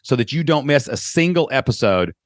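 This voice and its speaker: A man's voice: medium pitch, lively intonation, brisk, no room sound, clean studio sound. A man with a Kentucky accent hosting a podcast call-in show, talking in an enthusiastic, folksy and joking way. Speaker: podcast host. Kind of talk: energetic podcast call-in chat.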